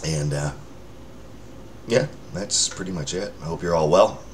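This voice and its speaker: This vlogger, a man with a low voice, casually chats to the camera for his followers, rambling, mocking himself, and stumbling through fillers and restarts at a measured pace. He's indoors, lit by a lamp near a window, and a faint hiss or hum sits under the recording.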